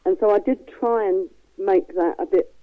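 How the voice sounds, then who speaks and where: A middle-aged woman with a softened East London accent, a guest chatting frankly and laughing easily. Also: mid-range voice, moderate pace, no echo, phone-quality sound. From East London, England. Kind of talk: casual chat.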